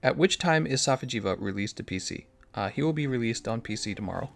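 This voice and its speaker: A man's voice: medium pitch, lively intonation, quick pace, creaky. A man streaming a game live, chatting casually, joking, thinking aloud and answering his viewers' questions. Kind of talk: casual live-stream commentary while playing.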